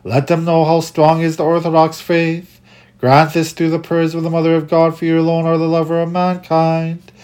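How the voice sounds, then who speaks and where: Someone reading church prayers in a dead flat monotone, mid pitch, trips over a word now and then. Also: normal speed. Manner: steady recitation with occasional stumbles and restarts. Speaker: prayer reader. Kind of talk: liturgical prayer recitation.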